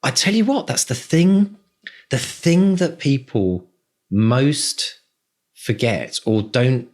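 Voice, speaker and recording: A man's voice: medium pitch, lively intonation, takes it slowly, darkish tone. A man co-hosting a podcast, talking in an effusive, rambling, grateful way. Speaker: podcast co-host. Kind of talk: casual podcast chat.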